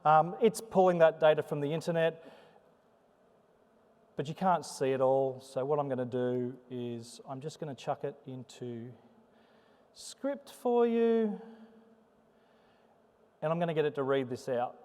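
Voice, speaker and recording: A somewhat high-voiced man gives a live conference talk, his intonation rising and falling in a sing-song way. He jokes and chats with the audience. The sound carries a long reverb from the hall. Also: unhurried, pauses often, clean tone. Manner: chatty, joking, animated delivery. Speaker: conference presenter.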